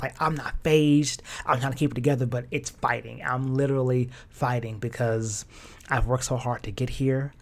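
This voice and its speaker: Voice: medium pitch, darkish tone, slight background noise. A young adult fashion stylist telling a personal story in a casual, emotional way, with slang and lots of fillers.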